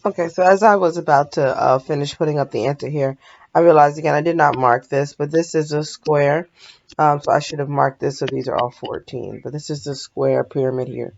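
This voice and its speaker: A woman's voice: deep voice, steady tone, a little fast, vocal fry, a little mellow, muffled recording. A woman math teacher talking through a recorded lesson in a sleepy, yawning, casual way, often stopping to apologize and correct herself.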